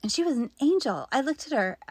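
A woman's voice: sits high, animated, quick pace, husky, no echo. Earnest woman in her fifties, dry sound. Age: 50s. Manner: earnest, drops into soft whispered asides. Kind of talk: personal faith storytelling.

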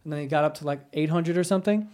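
Dude hosting a podcast, kinda high voice, swears a lot, tells stories all fired up. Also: male voice, racing. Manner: profane, animated storytelling. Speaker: podcast host. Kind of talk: casual chat.

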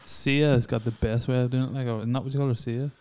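A man's voice: medium pitch, fairly even intonation, fast, darkish tone, smooth. A young man, co-hosting a casual chat in a blunt, teasing and sweary way. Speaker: podcast co-host. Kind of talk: casual banter.

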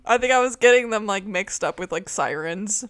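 A young woman co-hosts a casual podcast, giggly and playful with lively intonation, recorded over a call from a dim room at home surrounded by cords. Her voice is mid-range and her pace moderate.

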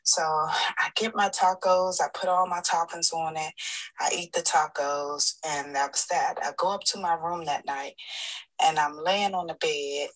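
A woman's voice: deep voice, steady tone, measured pace, a bit bright, rough recording. A woman telling a funny travel story in a recorded voice note sent to a podcast. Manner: chatty storyteller, laughs at her own story. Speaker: listener sending a voice note.

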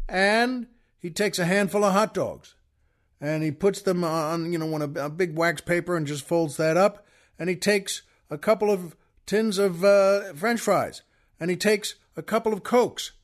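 A man hosting a podcast, telling a long story in a folksy, chatty way and talking straight to his listeners. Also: high-pitched. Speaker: podcast host. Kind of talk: storytelling monologue.

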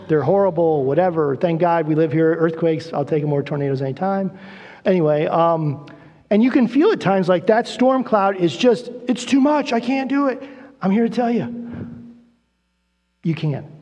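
High-voiced man preaching in a reverberant hall. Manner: animated storytelling preacher, acts out voices in quotes. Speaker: guest preacher. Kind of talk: sermon.

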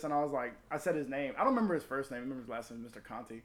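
A man's voice: mid-range voice, animated, very fast, a crowd in the background. A man telling a long crude story in casual podcast chat, rambling and full of profanity.

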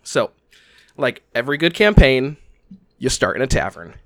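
A man's voice: mid-range voice, very animated, normal speed, no echo, studio quality. A man hosting a tabletop game podcast as game master, narrating the scene with theatrical storytelling.

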